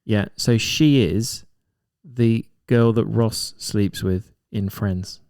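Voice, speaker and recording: Mellow low-voiced man on a dry mic. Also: fairly even intonation, slow pace, no echo. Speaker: podcast co-host. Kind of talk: casual chat.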